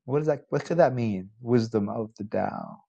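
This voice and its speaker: A man lecturing as a college philosophy professor, conversational and posing rhetorical questions, animated when telling a story. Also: mid-range voice, normal speed, vocal fry, highs cut off.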